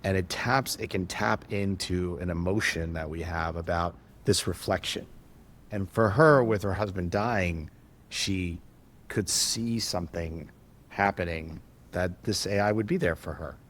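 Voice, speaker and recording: Lower-pitched man telling animated stories. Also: a little slow. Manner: animated, acts out quoted dialogue, frequent restarts. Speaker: tech entrepreneur guest. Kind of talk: conversational storytelling.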